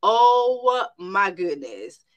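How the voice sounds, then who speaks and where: A woman's voice: medium pitch, sing-song, extremely slow, lo-fi sound. A middle-aged woman who runs a private practice, giving a personal faith testimony in an emphatic way, repeating phrases and often turning straight to her listeners.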